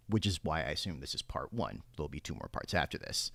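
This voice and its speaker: A man's voice: extremely low pitch, sing-song, quick pace, creaky, few pauses, a bit bright, no room sound, studio quality. A man hosting a gaming news show, reading the news out live and chatting casually about it as he reads. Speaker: gaming news channel host.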